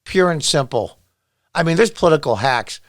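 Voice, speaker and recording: A man's voice: a little high, lively intonation, normal speed, no echo, clean studio sound. A middle-aged man reading a news article aloud and breaking off into angry, sarcastic rants at the people in it. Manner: angry, sarcastic, talks back at the article he reads. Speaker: political commentary vlogger. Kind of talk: ranting commentary while reading a news article.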